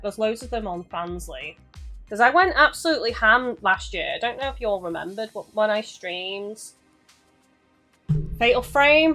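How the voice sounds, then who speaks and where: A woman's voice: mid-range voice, a bit bright. A young woman streaming a game, chatting in a bubbly, giggly way to her viewers. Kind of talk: casual live-stream commentary.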